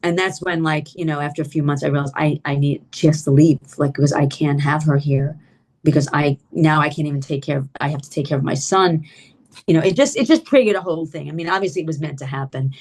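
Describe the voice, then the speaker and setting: A middle-aged woman with a fairly low-pitched voice tells a personal story as an interview guest. She talks in an animated, loose way. She leans on "like" and "you know" and jumps her pitch up when she acts out what people said. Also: fast. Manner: frequent "like" and "you know" fillers.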